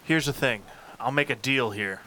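A man's voice: mid-range voice, moderate pace, poor audio. A man co-hosting a live sports podcast, wearing headphones and teasing the others. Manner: teasing, lively. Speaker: podcast co-host. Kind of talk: rowdy sports banter.

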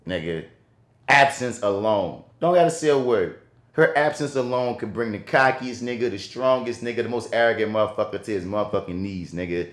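A man co-hosting a podcast, talking in a casual, animated and profane way, acting out quotes as he tells stories. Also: fairly low pitch, fairly quick, reverberant. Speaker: podcast co-host.

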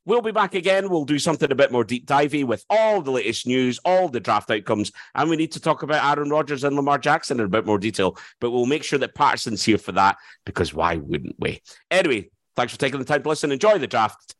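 A man with a Scottish accent hosting a casual sports podcast, wrapping up with relaxed chat. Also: medium pitch, fast talker, no echo. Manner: relaxed, wraps up the show. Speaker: podcast host.

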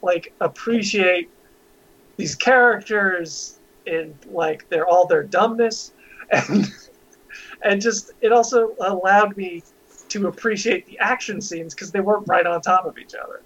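A man's voice: sits high, unhurried, fairly bright tone. A man co-hosting a casual podcast chat, giggly and nitpicking as he talks. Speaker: podcast co-host. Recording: muffled lo-fi recording.

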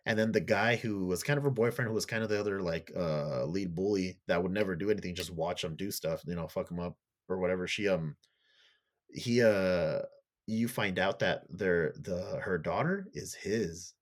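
A low-pitched podcast co-host recaps a show's plot at a moderate pace, swearing freely. He tells the story loosely and raises his voice to act out the characters' lines.

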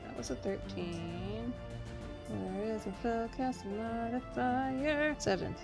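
Woman tabletop player, slow, hesitant, music clearly behind her. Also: fairly high pitch. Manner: hesitant, laughing. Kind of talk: casual game chat.

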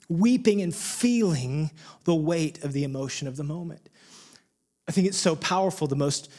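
Impassioned male pastor preaching a sermon. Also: fairly high pitch. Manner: impassioned, swinging between loud emphasis and hushed near-whispers.

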